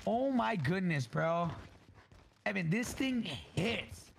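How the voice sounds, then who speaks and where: Gravelly high-voiced gamer guy, blunt, noisy mix. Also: lively intonation, slow pace. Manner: blunt, swearing, ranting. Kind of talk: casual gaming chat. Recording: noisy game audio behind.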